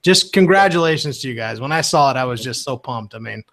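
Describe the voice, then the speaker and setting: A man's voice: mid-range voice, expressive, quick pace, a bit bright. A man hosting an interview, enthusiastic and hyped up as he promotes an upcoming webinar. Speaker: host.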